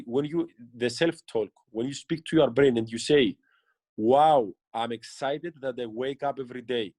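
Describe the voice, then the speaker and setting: A man's voice: a little high, a little mellow, breathy edge, no echo. Earnest man giving coaching advice. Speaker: interviewed business leader. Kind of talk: motivational interview answers.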